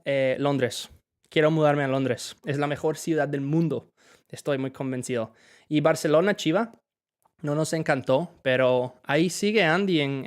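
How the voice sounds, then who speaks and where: A young man from Wisconsin, teaching English in a chatty livestream, greeting viewers by name as he answers their questions. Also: on the high side. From Wisconsin, USA. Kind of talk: livestream language lesson.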